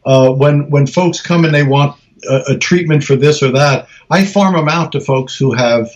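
A man speaking in a relaxed, halting way and often starting his sentences over as he tells stories in an interview. His voice sits a little higher than most men's. The recording sounds dull and lo-fi. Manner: halting, with frequent restarts and acted-out quotes. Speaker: researcher and guest. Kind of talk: casual conversational storytelling.

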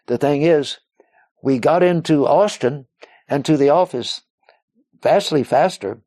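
With a warm, mellow, mid-range voice, a man shares a personal story as an interview guest. He rambles, restarting often and filling gaps with "uh," and shifts into others' voices as he quotes them. The audio is close and dry, with no echo.

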